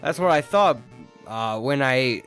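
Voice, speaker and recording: A man's voice: mid-range voice, lively intonation, unhurried, fairly bright tone. A man voicing a hunting beagle, a plain-spoken hunter who sticks to facts. The voice sits in an ordinary middle register. Faint game music plays under it. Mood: matter-of-fact. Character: gruff adult male hunting dog, hunter.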